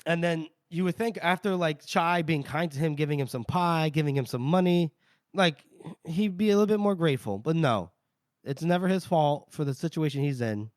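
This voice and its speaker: A man retells a story for his podcast co-hosts, slipping into quick character voices and swearing freely. His voice sits a little high. The sound is dry and close on the mic. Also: dry recording. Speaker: podcast co-host. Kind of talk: casual book-discussion podcast, retelling chapters.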